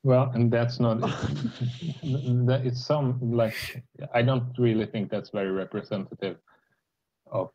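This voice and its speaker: Gravelly Swedish-accented man, hesitant. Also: medium pitch, fairly even intonation, warm tone, highs cut off. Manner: halting, hesitant, many restarts and fillers. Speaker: debate participant on a voice call. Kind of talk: casual political debate.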